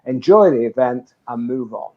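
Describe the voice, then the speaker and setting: A man's voice: mid-range voice, expressive, moderate pace. An older man giving networking advice in an interview, talking emphatically and telling anecdotes. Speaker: guest, networking trainer. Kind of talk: conversational interview. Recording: dull lo-fi sound.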